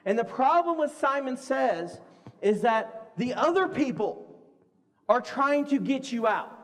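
A man preaching a conversational sermon to a congregation, lively and acting out the voices he quotes. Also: very high voice, a little slow. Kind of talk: sermon with audience games. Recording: long hall reverb.

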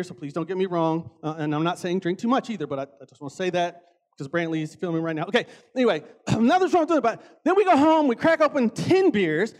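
A man preaching a casual sermon, animated and conversational, often acting out voices. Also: sits high.

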